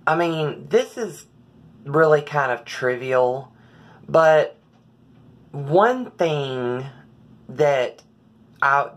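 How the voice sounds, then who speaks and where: A woman speaks at a slow, unhurried pace in a personal, confessional vlog. Her voice sits unusually low and carries a slight hoarseness. She halts often, with fillers and frequent throat clearing. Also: animated. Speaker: vlogger.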